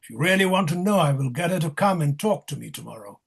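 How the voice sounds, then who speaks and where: An actor reading the part of a wry, mocking male clown in a play rehearsal. His voice is gravelly and husky, and he teases and directs the king. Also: fairly high pitch, lively intonation, fast, fairly bright tone, exaggerated voice. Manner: teasing, directive, sardonic.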